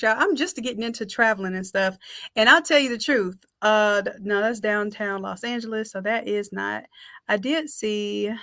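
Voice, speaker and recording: A woman's voice: mid-range voice, fairly bright tone, no echo, studio quality. A woman giving a live-streamed design tutorial, chatting with viewers and calling them y'all. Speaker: design instructor.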